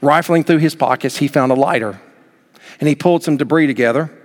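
Emphatic pastor preaching in a reverberant hall. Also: male voice, fairly high pitch, fairly quick. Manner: emphatic, rising to near-shouts on key points. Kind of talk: sermon.

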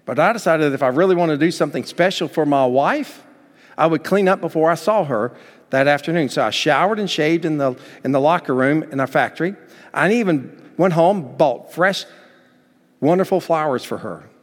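A pastor preaching a sermon, acting out scripture dialogue with big swings between loud and quiet. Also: male voice, normal speed, long reverb tail. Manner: animated, acts out Bible dialogue with big swings in pitch and volume.

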